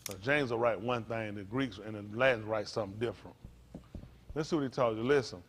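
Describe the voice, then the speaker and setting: A man's voice: lowish voice, slight background noise. A male pastor preaching a loose, conversational sermon, asking the congregation questions and spelling out words. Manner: stops to spell out Hebrew words slowly.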